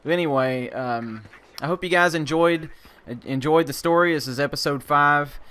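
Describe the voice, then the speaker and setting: A man's voice: a little high, normal speed, fairly bright tone, clean tone. A man, an army veteran vlogger, telling a casual story, rambling with many fillers and restarts and casual swearing.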